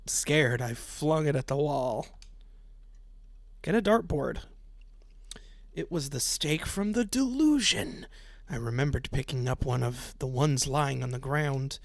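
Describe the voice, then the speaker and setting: A man's voice: mid-range voice, expressive, unhurried, dry recording. A man streaming a visual novel, reading its text aloud and breaking off into sarcastic, profane commentary with frequent laughs. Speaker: let's play streamer.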